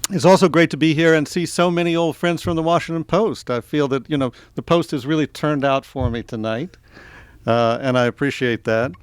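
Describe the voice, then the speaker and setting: A middle-aged man from the American South speaks in a smooth, resonant voice at a bookstore talk. He is chatty and self-deprecating, and the sound is dry and close. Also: on the high side, fairly quick, no room sound. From American South, Tennessee and Georgia. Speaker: author giving a book talk. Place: bookstore event space.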